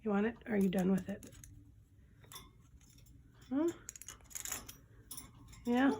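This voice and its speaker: A woman's voice: medium pitch, takes it slowly, pauses often, mellow, slight background noise. A woman at home talking to her parrot in playful, cooing baby talk, teasing and sing-song. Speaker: pet owner filming her parrot. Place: indoors at home.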